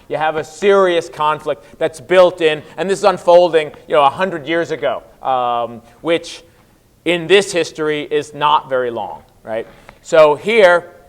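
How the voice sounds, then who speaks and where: A man's voice: a little high, clean tone. A man lecturing a class on history in a loose, conversational way, often acting out what historical figures said. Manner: conversational, many fillers, voices historical figures in quotes.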